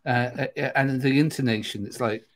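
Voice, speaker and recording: A man's voice: mid-range voice, a little fast, slight background noise. Rambling middle-aged man chatting. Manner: rambling, hesitant, many fillers. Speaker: podcast co-host. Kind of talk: casual chat.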